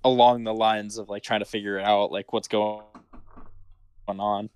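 A man's voice: on the low side, level tone, measured pace, darkish tone, smooth, lo-fi sound. A man in casual chat, reacting with short comments and easy laughs. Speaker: podcast co-host.

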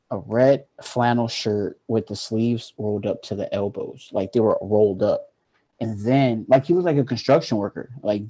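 A man's voice: mid-range voice, warm tone, highs cut off. A man telling a personal story in a loose, casual way, with lots of "like" fillers. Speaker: guest.

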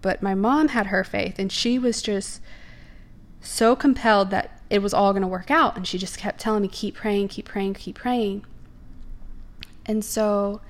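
A woman's voice: mid-range voice, fairly even intonation, normal speed. Young woman sharing a faith story, earnest, leans on key words. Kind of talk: personal faith testimony.

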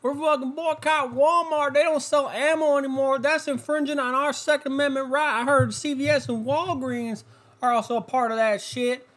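A young man putting on a high, loud voice as an angry gun-loving male patriot who rants with indignation. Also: steady tone, moderate pace. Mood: indignant. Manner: shouting, indignant, mocking.

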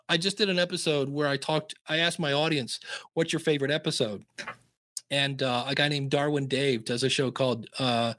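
A man talking as a guest in a casual podcast interview, telling lively stories and slipping into playful voices. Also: fairly high pitch, dry recording, studio quality. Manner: lively storyteller who slips into playful voices.

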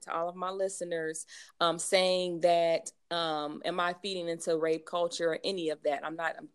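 A woman hosting a podcast, talking reflectively about healing and the law of attraction. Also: medium pitch. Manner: reflective, spiritual talk. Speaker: podcast host. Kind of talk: podcast conversation.

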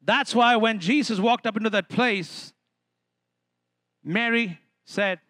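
A man's voice: sits high, slow pace, a bit bright, no echo. A man from India preaching a sermon and calling out for responses from the congregation. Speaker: pastor.

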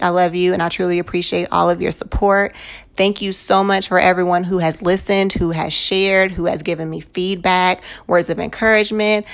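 A woman's voice: on the low side, a bit bright. A young woman hosting her own solo podcast, talking casually with lots of slang and frequent laughter. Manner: chatty, slangy, laughs often. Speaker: podcast host.

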